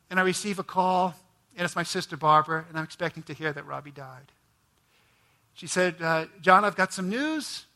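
A man telling a personal testimony as a sermon, earnest and storytelling, his voice climbing when moved. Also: sharp tone. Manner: earnest storytelling, voice rising high when emotional. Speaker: ministry president.

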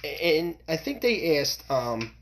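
A man's voice: fairly high pitch, very animated, slow pace, fairly bright tone, slight background noise. A man hosting his own podcast, talking bluntly and rambling, with frequent swearing. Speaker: podcast host. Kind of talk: opinionated solo podcast rant.

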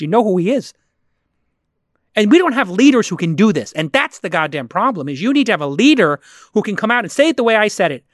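A man's voice: high voice, dry recording, clean studio sound. A middle-aged American man on a podcast, ranting in a heated, profane, emphatic way. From United States. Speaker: podcast guest.

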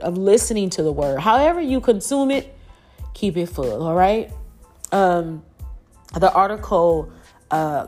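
A woman's voice: deep voice, darkish tone. A woman hosting a podcast and preacher, sharing an earnest faith testimony with many fillers and restarts.

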